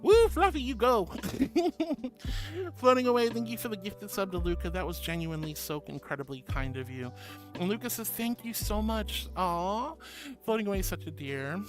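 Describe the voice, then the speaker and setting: Playful woman streamer with a lively, swooping voice. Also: medium pitch, moderate pace, faint music behind. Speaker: VTuber streamer. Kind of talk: casual livestream chat, reading chat aloud.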